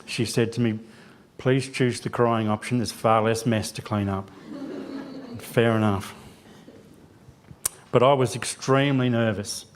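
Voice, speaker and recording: A man's voice: mid-range voice, fairly even intonation, measured pace, long pauses, a little hiss or hum. A man giving a church sermon as a lay preacher, telling a self-deprecating personal story with quoted dialogue. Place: church sanctuary.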